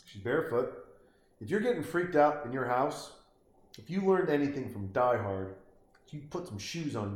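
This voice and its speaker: A man's mid-range voice echoes through a reverberant room as he gives a comedic, profane commentary on a movie he's watching. He rants, mocks the characters, and acts out little voices, staying animated and sweary throughout.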